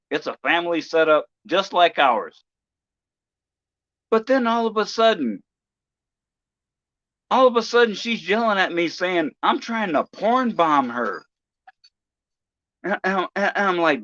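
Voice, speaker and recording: A man talking on his own livestream, ranting in a halting, profane way with many restarts. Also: on the high side, bright, forceful tone, no echo, muffled recording. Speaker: live streamer. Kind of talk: casual livestream rant.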